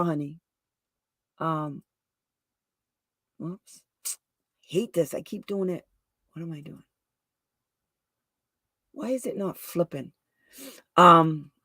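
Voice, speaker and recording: A woman hosts her own show as a special education advocate, talking casually and at length. She rambles from story to aside, restarting sentences as she goes. Her voice sits at a middling pitch, recorded dry with no room sound. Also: fairly bright tone, dry recording. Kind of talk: casual storytelling livestream talk.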